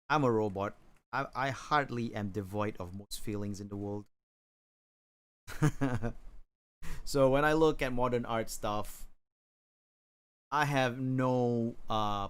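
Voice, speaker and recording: A man streaming while he draws, chatting casually and rambling, with hesitant pauses and chuckles. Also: fairly low pitch, a bit bright, clean tone. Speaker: livestreamer drawing on stream. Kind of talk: casual chat while drawing.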